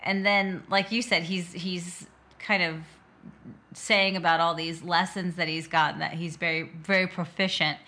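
A woman co-hosting a podcast, recapping a film in casual chat, quick to agree and act out the quotes. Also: on the low side, fairly even intonation, pushed and bright. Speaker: podcast co-host.

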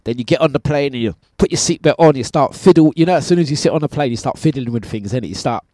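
Male radio host, chatty and animated, middle pitch, dry studio sound. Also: fast talker, no room sound. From United Kingdom. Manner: chatty, animated storytelling with laughs. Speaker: radio breakfast show host. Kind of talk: casual on-air chat.

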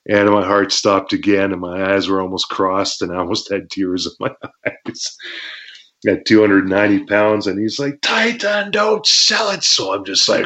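A former pro wrestler telling war stories in an interview, acting out shouts and crowd noises and laughing between lines. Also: male voice, sits low. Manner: animated storytelling, acts out shouts and crowd noises, laughs often. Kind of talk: storytelling interview. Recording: dull lo-fi sound.

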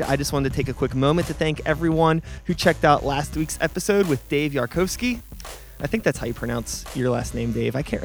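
A man hosting a casual podcast from a rooftop outdoors, relaxed and rambling, joking at his own expense. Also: fairly high pitch, brisk, faint music behind. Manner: relaxed, rambling, self-deprecating. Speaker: podcast host. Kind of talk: casual chat. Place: rooftop outdoors over a city.

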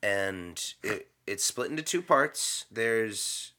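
A man's voice: fairly low pitch, lively intonation, slow, sharp tone. A man co-hosting a casual chat, playful and laughing often, with frequent restarts. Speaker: co-host.

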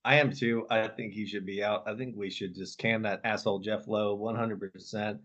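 A man co-hosting a chatty podcast, his voice sitting on the low side. He rambles, restarts his sentences and swears without a second thought. The recording is dull and lo-fi. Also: steady tone, moderate pace, a bit bright. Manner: loose and profane, rambling with restarts. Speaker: podcast co-host. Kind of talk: casual podcast chat.

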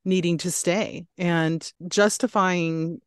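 A woman hosting an interview podcast talks in a measured, sympathetic way. Her voice sits very low for a woman. The sound is close and dry, with no room echo. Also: fairly even intonation, clear, resonant tone. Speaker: podcast host. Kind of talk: interview conversation.

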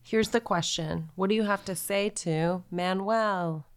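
A woman co-hosting a podcast in casual chat who teases with quick quips. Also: medium pitch, no echo, studio quality. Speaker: podcast co-host.

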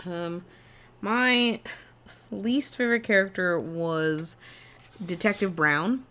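A woman with a fairly low voice co-hosts a movie podcast. She talks bluntly and swears freely while giving her opinions. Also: takes it slowly, a bit bright. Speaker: podcast co-host. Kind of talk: casual movie chat.

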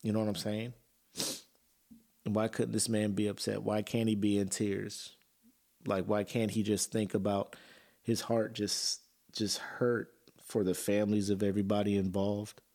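A man's voice: fairly low pitch, flat delivery, unhurried, mellow. A man hosting a podcast, talking earnestly and emotionally in a personal monologue, with casual fillers and swearing. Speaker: podcast host.

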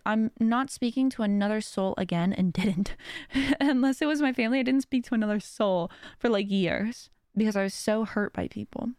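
A woman's voice: a little high, smooth, dry recording, clean studio sound. A woman hosting a podcast, talking earnestly in a casual, rambling monologue with many restarts. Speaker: podcast host.

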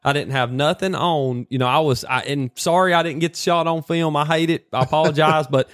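A man telling a hunting story in a casual, animated way, full of folksy slang. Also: fairly high pitch, a little fast, smooth, no room sound, clean studio sound.

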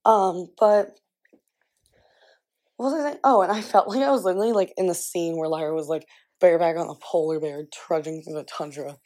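In a fairly low, slightly mellow voice, a twenty-something vlogger rambles casually to camera as she gets ready at home. Her tone stays steady, her pace is a little quick, and "like" crops up all the time.

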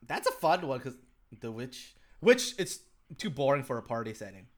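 A man's voice: medium pitch, very animated, moderate pace. A young man co-hosting a podcast, chatting casually in a rambling way, swearing a lot, laughing often and saying "like" constantly. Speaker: podcast co-host. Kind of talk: casual chat.

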